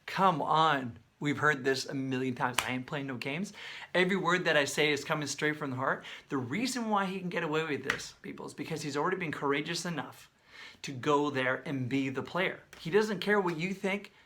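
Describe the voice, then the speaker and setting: A man breaking down a song's lyrics in casual, animated video commentary, sometimes singing and beatboxing snippets. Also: a little high, a little fast, slight background noise. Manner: animated, talks with his hands, sings and beatboxes snippets; conversational, many fillers. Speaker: songwriter breaking down a song.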